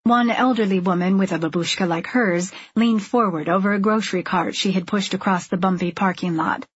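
A woman narrating a novel in a steady, measured and subdued way. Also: mid-range voice, breathy edge, dry recording, muffled recording. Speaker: audiobook narrator. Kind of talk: scripted narration.

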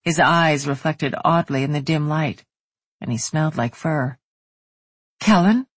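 Husky, dry woman narrating a story. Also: low-pitched, fairly even intonation, moderate pace, no echo. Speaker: audiobook narrator. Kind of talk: scripted narration.

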